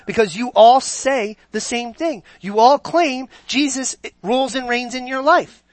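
A man's voice: very high-pitched, unhurried, no echo. A man preaching a sermon, emphatic and throwing rhetorical questions at his congregation.

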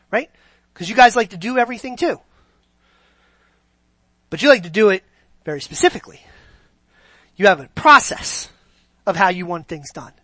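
A man with a high-pitched, bright, forceful voice preaches a sermon to his congregation, stressing key words heavily and asking the room one rhetorical question after another. The audio is close and dry, with little room echo.

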